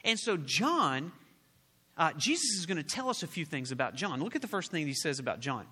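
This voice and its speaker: A man preaching a sermon to a congregation, animated, often asking them questions and waiting for answers. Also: fairly high pitch, brisk, breathy edge. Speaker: pastor. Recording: long hall reverb.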